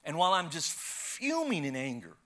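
A man preaching, his voice pitched high and ringing bright. He tells his story with wide leaps of pitch, surging loud and then dropping to a hush, like a practiced storyteller from the pulpit. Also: normal speed. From United States. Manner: animated storyteller, swings from loud to hushed. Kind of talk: sermon with a personal story.

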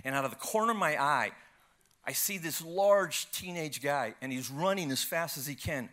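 A man preaching a sermon and telling a personal story, swinging from loud, animated retelling to hushed, tearful passages. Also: on the high side, moderate pace. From United States.

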